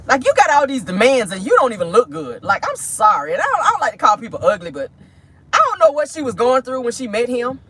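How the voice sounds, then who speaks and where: A woman's voice: fairly high pitch, fairly bright tone, a little hiss or hum. A woman, hosting casual celebrity gossip commentary with sassy, slangy asides. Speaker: host. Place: in a vehicle.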